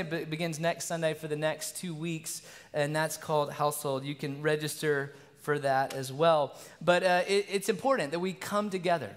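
Male pastor, high voice, earnest conversational sermon, long church reverb. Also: a bit bright. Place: church sanctuary.

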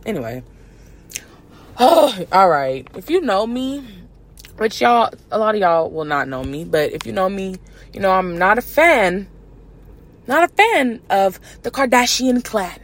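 A woman's voice: medium pitch, big pitch swings, unhurried. A woman hosting a podcast, ranting about celebrity gossip in a brash, sassy, profane way, with mocking put-on voices. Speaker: podcast host.

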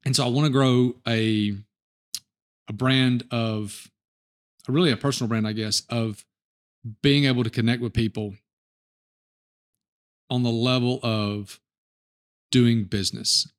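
Relaxed, rambling middle-aged man hosting a podcast. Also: mid-range voice, a little slow, pauses often. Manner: relaxed, rambling storyteller with restarts. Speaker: podcast host. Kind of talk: casual interview chat.

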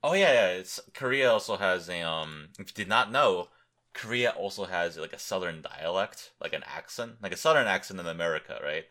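A man's voice: low-pitched, lively intonation, fairly quick, bright, forceful tone. A young man hosting a podcast alone, tired and rambling, joking crudely and thinking aloud as he looks things up. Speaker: podcast host. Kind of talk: rambling solo podcast chat.

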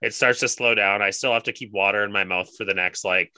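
A man's voice: on the low side, steady tone, quick pace, pushed and bright, smooth, dry recording. A young man telling a long, rambling story in casual podcast chat, swearing often and filling with "like". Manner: rambling, profane, heavy use of "like".

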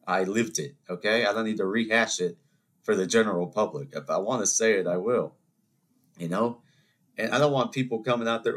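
A man hosting a solo podcast, telling rambling anecdotes in an animated, conversational way. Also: on the low side, normal speed, pauses often. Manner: animated storytelling, rambling asides, mock voices. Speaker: podcast host. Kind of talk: solo ranting monologue.

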